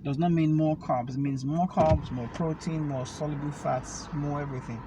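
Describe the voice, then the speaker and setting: Man, fitness talk, patient step-by-step explainer, slightly high voice, car noise behind. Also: steady tone, normal speed. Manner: explains step by step with homely analogies. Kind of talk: casual conversation. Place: inside a car. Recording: noisy car recording.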